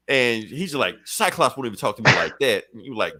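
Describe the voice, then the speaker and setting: Animated man recapping comics casually. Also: medium pitch, fairly quick, hardly any pauses. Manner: animated retelling, acts out characters' lines, profane, laughs often. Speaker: podcast co-host.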